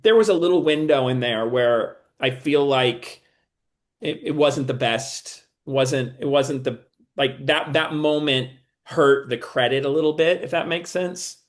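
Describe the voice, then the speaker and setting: A man's voice: medium pitch, measured pace. A man being interviewed as a TV writer and producer, talking casually and often stopping and restarting while he thinks.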